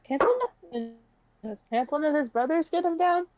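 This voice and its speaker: A woman playing a tabletop game who asks quick, eager questions. Her voice is fairly high and recorded dry, with no room sound. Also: expressive, dry recording, muffled recording.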